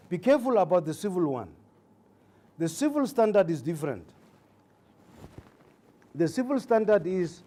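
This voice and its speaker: Male judge as lecturer: deliberate, emphatic, repeats key points, warm slightly raised voice, occasional fillers. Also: fairly high pitch. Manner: speaks with hesitations and fillers. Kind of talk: legal training lecture.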